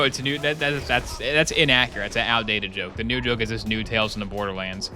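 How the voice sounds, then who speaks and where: Joking, bright-voiced male streamer. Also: medium pitch, steady tone, fairly quick, soft background music. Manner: rambling, jokey, sarcastic asides. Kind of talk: casual commentary while gaming.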